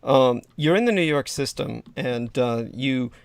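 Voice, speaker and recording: A man's voice: mid-range voice, lively intonation, a little slow, creaky, smooth, no echo. A sleep-deprived man hosting a casual livestream chat, rambling with lots of fillers and restarts. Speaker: livestream host.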